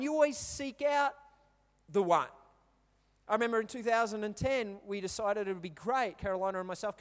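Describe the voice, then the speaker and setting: Australian man preaching, high voice, chatty storytelling, echoey hall. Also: clear, resonant tone. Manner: chatty, storytelling, asks the crowd questions. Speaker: pastor. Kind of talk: sermon. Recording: reverberant hall.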